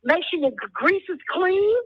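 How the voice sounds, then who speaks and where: Woman, radio host, high voice, teasing and repetitive, dull lo-fi sound. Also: animated, moderate pace. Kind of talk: radio call-in chat.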